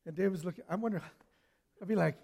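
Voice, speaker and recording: A man preaching a sermon, telling stories with lively swings from loud to hushed. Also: high voice, fast talker, vocal fry, breathy edge.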